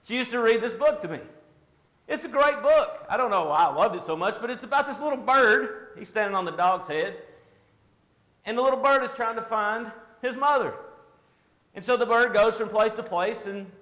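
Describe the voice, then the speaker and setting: High-voiced man giving a joking church devotional. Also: animated, moderate pace, a bit bright. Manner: conversational, joking, self-deprecating. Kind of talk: informal devotional talk. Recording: echoey hall with long reverb.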